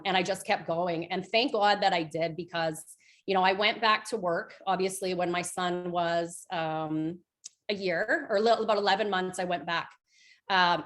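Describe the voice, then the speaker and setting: Speaking at a medium pitch, this thirty-something woman heads a direct sales team and motivates them on a group call. Her talk is chatty and filler-heavy, with animated storytelling throughout.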